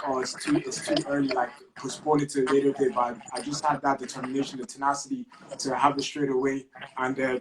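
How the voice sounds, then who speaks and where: A man's voice: medium pitch, background noise. A young man from Ireland, a guest on a live chat, speaking politely with many fillers. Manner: polite, says "yes, sir", hesitant with fillers. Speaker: guest, protest organizer.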